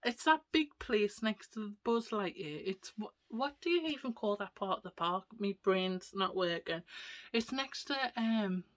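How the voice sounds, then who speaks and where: A woman's voice: mid-range voice, a little slow. Young-sounding woman, casual vlog storyteller, rambly, slips into whispered asides. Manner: chatty, rambling, drops into soft whispered asides. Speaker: vlogger.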